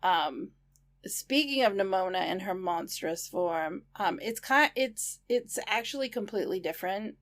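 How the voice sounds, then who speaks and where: A young woman co-hosting a casual movie podcast. Her voice sits at a middle pitch, and her delivery is friendly and conversational. She often works through her thoughts out loud as she speaks. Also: animated, a little slow. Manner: chatty, agreeable, thinks aloud. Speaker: podcast co-host. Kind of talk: casual film discussion.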